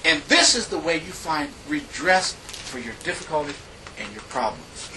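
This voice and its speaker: High-voiced male preacher, far from mic. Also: lively intonation, sharp tone, a little hiss or hum. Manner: emphatic, drawn-out scripture reading with big pitch swings. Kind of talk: sermon.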